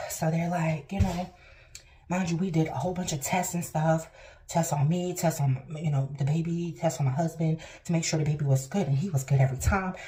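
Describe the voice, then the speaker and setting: A woman's voice: low-pitched, mellow. A woman vlogger telling a personal story to her viewers in a chatty, emphatic way. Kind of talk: casual storytelling to camera.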